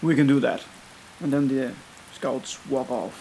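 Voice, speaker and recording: A man's voice: mid-range voice, measured pace, gravelly, darkish tone, roomy sound, slight background noise, poor audio. A man narrating a tabletop game as game master in a loose, conversational way.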